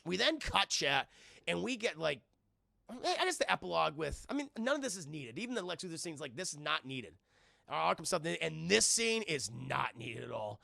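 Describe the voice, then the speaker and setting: A man breaks down a film scene by scene for his live chat, speaking in an animated and profane way. His voice swings widely in pitch and is strongly gravelly. It sounds bright, and the sound is close and dry. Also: moderate pace, dry recording. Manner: animated, profane, laughs often, talks to chat. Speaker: film reviewer streaming live.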